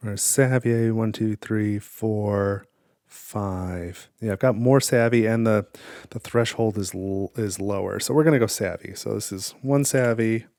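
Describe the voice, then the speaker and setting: A man's voice: fairly low pitch, unhurried, darkish tone, no echo, studio quality. A man casually talking through a solo board game, thinking aloud and counting his cards. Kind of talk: casual playthrough commentary.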